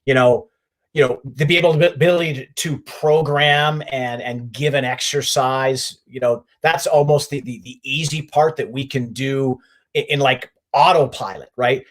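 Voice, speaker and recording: A man's voice: mid-range voice, moderate pace. A man hosting a podcast who asks long, rambling questions full of restarts and reacts with enthusiasm. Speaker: podcast host. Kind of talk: casual interview hosting.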